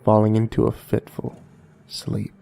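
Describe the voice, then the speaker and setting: A man reading a horror story aloud in a measured, dramatic narration. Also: fairly low pitch, completely flat delivery, creaky, dark tone. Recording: faint music underneath.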